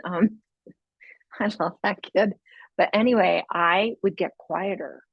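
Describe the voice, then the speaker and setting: A woman's voice: lowish voice, gravelly, no room sound, dull audio. A woman hosting a parenting podcast in a casual, chatty way, often adding "right?" and laughing as she talks. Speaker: podcast host.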